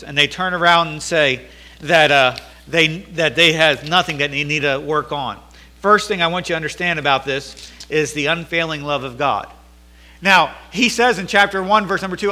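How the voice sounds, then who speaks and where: A male preacher with a high-pitched voice delivers a sermon, acting out the words of scripture. He often repeats or restarts a phrase to press a point home. His tone is bright and forceful. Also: moderate pace.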